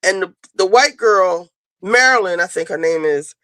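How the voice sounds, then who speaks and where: A woman's voice: on the low side, expressive, moderate pace, a bit bright, dry recording, rough recording. A woman hosting a casual talk show, rambling as she retells a TV episode and acts out the characters' lines. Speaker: podcast host.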